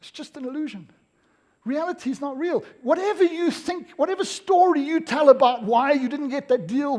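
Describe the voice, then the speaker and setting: Energetic South African man with a high voice. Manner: energetic, emphatic, direct to audience. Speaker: motivational speaker. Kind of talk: live seminar talk. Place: event room with audience.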